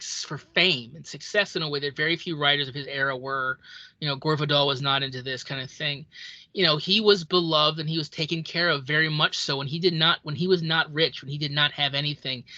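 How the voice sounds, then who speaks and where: A podcast co-host chatting casually about films, telling scenes in an animated way and acting out quoted lines. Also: medium pitch, no room sound, highs cut off. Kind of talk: casual film chat.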